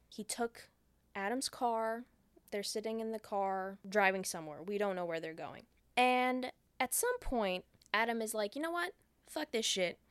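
A woman's voice: medium pitch, clear, resonant tone, no echo. A woman co-hosting a podcast, casually recapping a movie with lots of swearing. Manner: profane, animated retelling with acted quotes. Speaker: podcast co-host.

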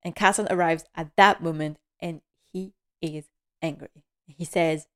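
A woman's voice: sits low, steady tone, a little slow. A woman hosting a podcast, chatting enthusiastically and laughing often as she recaps a TV episode. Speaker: podcast host.

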